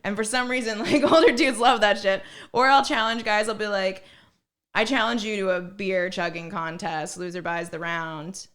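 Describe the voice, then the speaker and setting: A woman's voice: medium pitch, fairly even intonation, normal speed, a bit bright. A young woman, a comedian guest on a podcast, telling blunt, profane stories in casual chat with lots of filler words.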